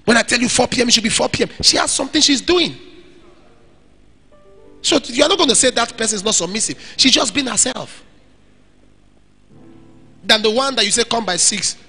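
A man's voice: very high-pitched, a little fast, long pauses, sharp tone, husky, soft background music. A middle-aged male pastor preaching in a church hall, answering questions from the congregation and acting out quoted dialogue with emphasis. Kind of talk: sermon with audience Q&A.

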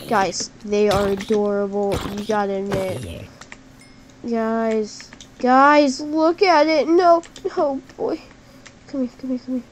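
A woman talks her way through a computer game in an unhurried, drawn-out way, her voice sitting a little high. She is chatty and excitable, leans on "like" constantly and breaks into sudden shouts. Faint keyboard typing sits underneath. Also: a little hiss or hum, rough recording. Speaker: gameplay commentator. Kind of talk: casual game commentary. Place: at a computer while gaming.

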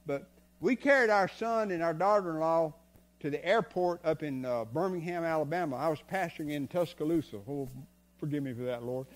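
An older man preaches from the pulpit in a folksy, story-driven way. His voice sits high for a man and swings from quiet, confiding asides to loud bursts. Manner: folksy, tells stories, swings from soft to loud. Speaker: guest preacher. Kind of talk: sermon. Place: church sanctuary.

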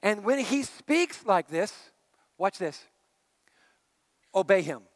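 A middle-aged man gives a sermon, his fairly high voice moving from hushed asides to emphatic points. The sound is close and dry, with no room around it. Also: sing-song, slow pace, dry recording. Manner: conversational preaching, swinging between hushed and emphatic. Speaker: pastor.

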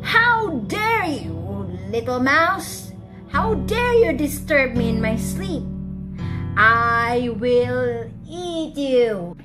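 A woman's voice: fairly high pitch, expressive, takes it slowly, long pauses. A woman voicing a proud, boastful male lion king in a children's story, with background music. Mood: angry. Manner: boastful, mocking.

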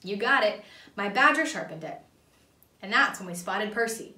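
A woman reading a children's book aloud in an animated, expressive way, doing the story's voices. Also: medium pitch, moderate pace. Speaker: storybook reader. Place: church room. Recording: echoey room, mic far off.

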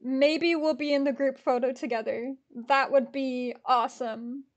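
A woman vlogging live as she tries to buy concert tickets, anxious and excitable, swinging from shrieks to mutters. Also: high voice, unhurried, dull audio. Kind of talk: live reaction vlog.

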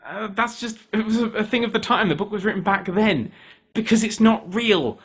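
A man ranting his opinions to camera in a heated, animated way. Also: high voice, a little fast, breathy edge. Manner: animated, heated, switching into voices for quoted people. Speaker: video maker.

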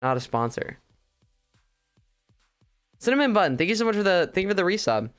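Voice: medium pitch, big pitch swings, normal speed, faint music behind. Streamer, lockerer Livestream-Plauderton, weitschweifig und gespielt dramatisch, glatte Stimme, leise Musik im Hintergrund. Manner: chatty, rambling, mock-dramatic. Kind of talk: casual livestream chat while crafting.

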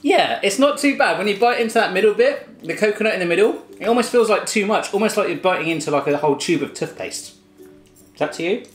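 A man's voice: high-pitched, expressive, fast talker, reverberant, soft background music. A man hosting a food taste test in a home kitchen, chatting casually with playful jokes. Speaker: host.

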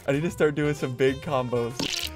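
A man hosting a gaming video, giving excitable commentary with teasing and sudden shouting bursts. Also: mid-range voice, normal speed. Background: background music.

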